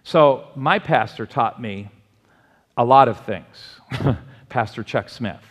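A man preaching a sermon as pastor. He swings from loud exclamations to quiet asides and has the congregation repeat phrases back to him. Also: mid-range voice, takes it slowly. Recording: long hall reverb.

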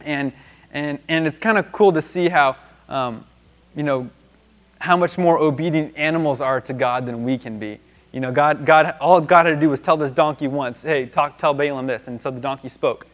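A man's voice: a little high, moderate pace. A man teaching a Bible lesson in a loose, conversational way, with many restarts and fillers.

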